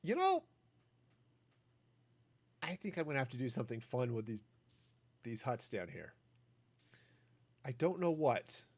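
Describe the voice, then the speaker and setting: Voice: mid-range voice, sing-song, measured pace, pauses often, a little mellow, slightly rough. A gaming streamer in their forties chatting casually while playing, rambling into asides and silly puns.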